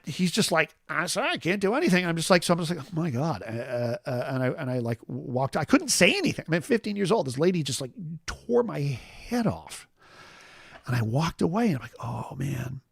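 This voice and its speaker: A man's voice: medium pitch, vocal fry, no echo, studio quality. A man in his forties hosting a casual chat show, rambling through a personal story with lots of fillers and restarts. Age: 40s. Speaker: host.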